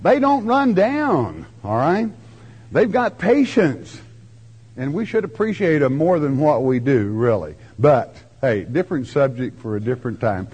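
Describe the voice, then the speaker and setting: An older man preaching a folksy verse-by-verse sermon, with homespun turns of phrase and slow, drawn-out emphasis. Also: mid-range voice, animated, a little mellow, slightly rough. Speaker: preacher teaching scripture.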